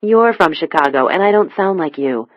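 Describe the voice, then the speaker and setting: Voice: mid-range voice, expressive, normal speed, dry recording, lightly acted. An audiobook reader voicing Joanna, a gracious American woman who runs a club in Japan, in a dull, dry close recording. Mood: puzzled. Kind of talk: audiobook dialogue.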